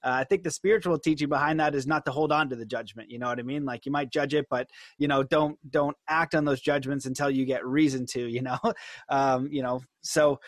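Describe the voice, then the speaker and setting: A man's voice: mid-range voice, fairly even intonation, fairly quick, no room sound, studio quality. A man hosting a podcast, talking casually with frequent fillers and easy laughs. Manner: casual, laughs often, lots of fillers like "you know" and "like". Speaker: podcast host and hypnotist. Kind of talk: podcast conversation.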